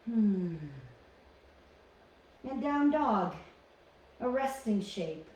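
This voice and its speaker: A woman leading a guided yoga class with calm, encouraging cues, often restarting her phrases. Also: a little high, extremely slow. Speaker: yoga instructor. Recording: echoey room, distant from mic.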